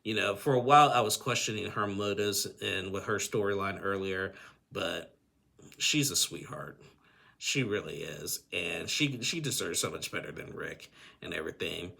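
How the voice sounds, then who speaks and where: Casting: chatty male recap vlogger, low gravelly voice. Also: moderate pace, pushed and bright. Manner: chatty, acts out the couple's lines in quoted voices. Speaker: YouTube recap host. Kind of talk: casual reality TV recap.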